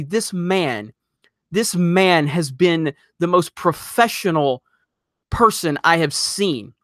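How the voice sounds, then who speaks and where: Guy ranting on his livestream, kinda high voice, super dry close mic. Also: dry recording. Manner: exasperated, loud, rapid rants. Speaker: host of a live stream. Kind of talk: ranting live-stream commentary.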